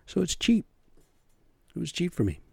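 A man's voice: a little high, wildly swooping pitch, normal speed, gravelly, mellow, slightly rough, no room sound, studio quality. A middle-aged man hosting his own podcast on a cheap home setup, rambling and swearing freely while asking rhetorical questions. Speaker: podcast host. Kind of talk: casual solo podcast rant.

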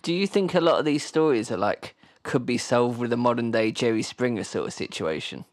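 A man co-hosting a podcast, chatting casually and cracking quick jokes and puns. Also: mid-range voice, expressive, no room sound. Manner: jokey, quick quips and puns. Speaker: podcast co-host. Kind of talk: casual chat.

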